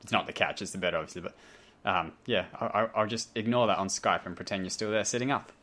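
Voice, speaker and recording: A man's voice: lowish voice, fast talker, a bit bright. A man with a light Australian accent hosting a podcast, chatting casually and rambling off on self-deprecating tangents. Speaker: podcast host. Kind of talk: casual chat. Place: home, talking over a voice call.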